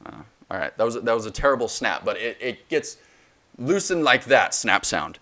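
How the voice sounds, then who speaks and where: A man's voice: mid-range voice, sing-song, moderate pace, bright, forceful tone. A man in his twenties hosting a solo faith podcast, talking passionately and preachily, with many restarts. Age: 20s. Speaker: podcast host.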